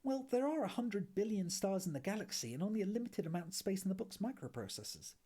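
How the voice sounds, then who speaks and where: A man, reading aloud in a soft ASMR style and voicing a laid-back, worldly male alien traveller in a dry, matter-of-fact way. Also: high voice, sing-song, fast talker, pitched above the performer's own voice.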